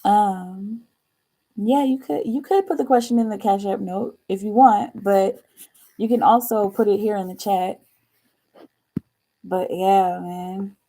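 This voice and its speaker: A woman's voice: mid-range voice, steady tone, slow, pauses often, warm tone. A young woman hosting a tarot livestream, chatting casually to viewers in a rambling way, laughing often and saying "like" a lot. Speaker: tarot reader livestream host.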